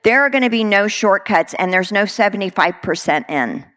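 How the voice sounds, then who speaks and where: A woman's voice: mid-range voice, animated, moderate pace, fairly bright tone. A middle-aged woman from Texas, preaching a sermon in an earnest, conversational way with many fillers.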